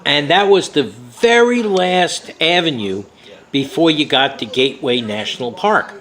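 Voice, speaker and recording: A man's voice: fairly high pitch, expressive, unhurried, fairly bright tone, poor audio. An older man from New York, recounting a story from his memoir with many fillers and a rambling, conversational way of talking. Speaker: memoir author.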